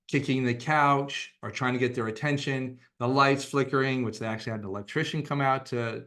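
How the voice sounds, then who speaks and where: A man who is a psychotherapist gives an educational talk in a measured, explanatory way, often pausing with "uh". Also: mid-range voice, fairly bright tone. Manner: measured and explanatory, with frequent "uh" fillers. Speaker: psychotherapist presenting on a webinar.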